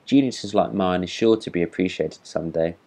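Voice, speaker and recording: A man's voice: low voice, normal speed, warm tone. A man voicing a vain, boastful firework rocket in a storybook reading, speaking in a haughty, self-important manner.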